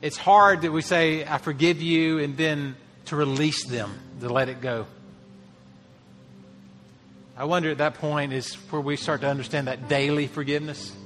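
A man preaching a sermon, his voice pitched high and ringing bright. He speaks earnestly and lifts his voice to drive key phrases home. The sound trails off into the long reverb of a hall. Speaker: pastor.

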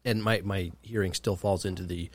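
Low-voiced, wry podcast co-host man. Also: fairly even intonation, moderate pace, no room sound. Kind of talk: casual chat.

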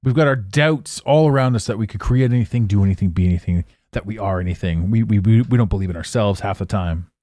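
A man's voice: lowish voice, fast, few pauses, mellow, no echo, clean studio sound. A man hosting a solo podcast, rambling casually, swearing now and then and laughing at his own jokes. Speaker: podcast host.

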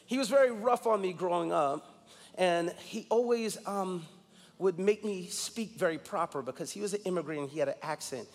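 A man's voice: high voice, normal speed, long reverb tail. A man in his forties from New York, a guest pastor preaching a sermon with emphatic personal storytelling. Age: 40s.

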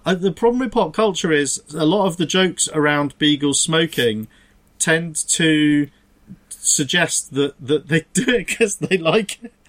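A man's voice: fairly high pitch, lively intonation, unhurried, a bit bright. A man, co-hosting a podcast and telling a long joke in a rambling way, breaking off and restarting often. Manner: rambling, self-interrupting storyteller with stray laughs. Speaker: podcast co-host. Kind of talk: casual chat, joke telling.

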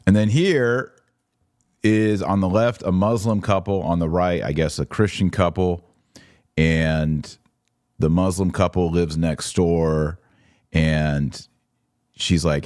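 A middle-aged man hosts a podcast, talking through images in a casual, wry way and slipping into little put-on voices for the people he describes. His voice sits very low, and the recording is dry and close with no room around it. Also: fairly even intonation, a little slow, darkish tone, dry recording. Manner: wry, sarcastic, acts out quoted figures. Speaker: podcast host.

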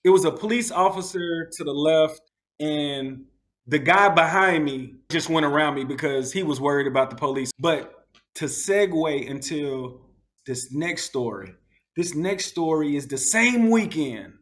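Animated storytelling man, high voice. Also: unhurried. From United States. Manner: animated, acts out quotes in a raised voice. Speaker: guest. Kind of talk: casual storytelling.

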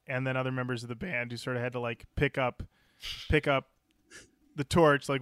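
A man's voice: medium pitch, fairly even intonation, a little fast, a bit bright, smooth, no echo, clean studio sound. A man co-hosting a podcast in casual chat, wry and rambling as he talks. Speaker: podcast co-host. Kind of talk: casual chat reviewing music.

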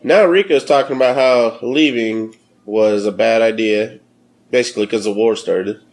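A man's voice: lowish voice, normal speed, a little mellow. A man chatting casually during a movie in a studio, teasing and laughing easily. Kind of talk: casual movie commentary chat.

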